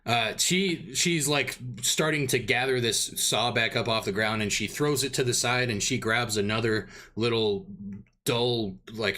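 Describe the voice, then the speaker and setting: A man's voice: lowish voice, pushed and bright. A man running a tabletop game as dungeon master, narrating in a rambling way with many fillers.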